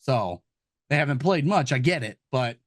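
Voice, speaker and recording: A man co-hosting a casual sports betting podcast, joking loudly and swearing freely. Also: mid-range voice, expressive, normal speed, no echo, clean studio sound. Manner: loud, jokey, swears a lot. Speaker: podcast co-host.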